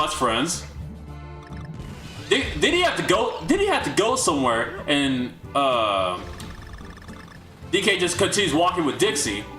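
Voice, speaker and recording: Young male streamer, rambling and incredulous, bright tone, echoey room, faint music behind. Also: a little high. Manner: rambling and incredulous, with frequent restarts and asides. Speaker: livestream host. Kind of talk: casual recap talk to a livestream chat.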